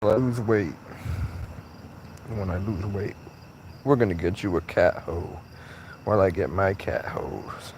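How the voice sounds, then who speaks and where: A man's voice: sits low, measured pace, pauses often, darkish tone, slight background noise. A man livestreaming outdoors at night on a work break, chatting with a cat in a playful, teasing way full of crude jokes and mock-mystical talk, on a phone mic. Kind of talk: casual live stream, talking to a cat.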